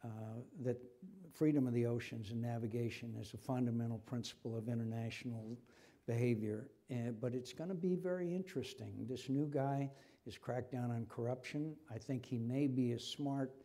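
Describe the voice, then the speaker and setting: A man's voice: mid-range voice, steady tone, moderate pace, mellow. An older man with an American accent, answering an interviewer's questions at a public forum, growing impassioned and repeating himself when stirred. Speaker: senator being interviewed. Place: lecture forum before an audience.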